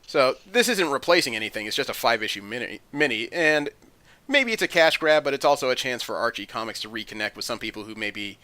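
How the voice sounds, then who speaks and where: A man's voice: mid-range voice, very animated, fast, bright, forceful tone, dry recording. A man hosting a podcast, chatting through comic news with frequent ums and uhs. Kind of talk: casual chat.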